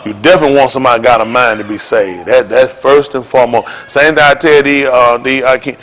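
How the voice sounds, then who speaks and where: A man preaching an informal sermon to his congregation in a folksy, joking way that rises to shouts. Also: mid-range voice, fairly even intonation, fairly quick. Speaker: congregation leader.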